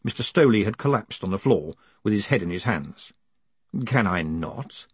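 A man narrating a comic fantasy audiobook with expressive, dryly witty delivery. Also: fairly low pitch, a little fast, slightly rough, dry recording. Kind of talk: scripted narration.

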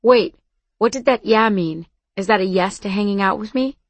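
A woman's voice: medium pitch, moderate pace, no room sound, lightly acted. A woman voicing a nervous, earnest teenage boy who stammers and restarts, in an audiobook. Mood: teasing. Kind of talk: audiobook dialogue.

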